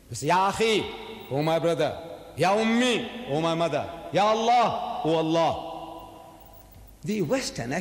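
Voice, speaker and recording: Man, fairly high voice, emphatic rhetorical lecture, long hall reverb. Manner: emphatic, rhetorical, swings between loud and soft. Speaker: religious lecturer. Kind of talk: public lecture. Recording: echoey hall from far off.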